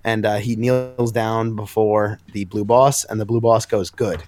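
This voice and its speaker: A man's voice: fairly low pitch, level tone, a little slow, a little mellow. A man co-hosting a casual comic book podcast, recapping scenes with enthusiasm and acting out the lines. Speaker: podcast co-host.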